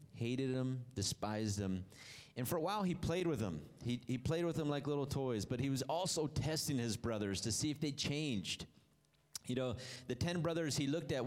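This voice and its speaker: A man preaching a sermon, telling the story with animated delivery that rises and drops low for emphasis.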